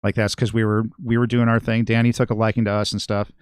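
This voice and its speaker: A middle-aged man with a lowish voice tells a long, rambling story on a podcast, swearing constantly, as a guest musician and regular. He talks quickly in a level tone, and the studio-quality recording is clean with no echo.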